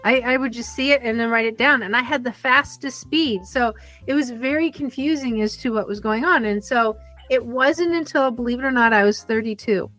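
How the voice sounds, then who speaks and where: A woman in her fifties, a podcast guest telling stories in an animated, conversational way. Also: fairly high pitch, fairly quick, faint music behind. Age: 50s. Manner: animated storyteller who acts out the voices in her anecdotes. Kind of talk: conversational storytelling interview.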